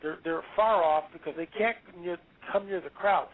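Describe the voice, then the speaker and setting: A male author talking as an interview guest, emphatic and preachy, quick to exclaim. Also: high-pitched. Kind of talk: animated interview talk. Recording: tinny phone-line audio.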